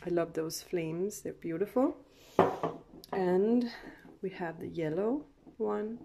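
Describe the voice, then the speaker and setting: Woman, tarot reader, slow unhurried delivery, casual chat, frequent laughs and fillers. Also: lowish voice, vocal fry, background noise. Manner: chatty, laughs often, many fillers and restarts. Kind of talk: casual tarot reading to camera.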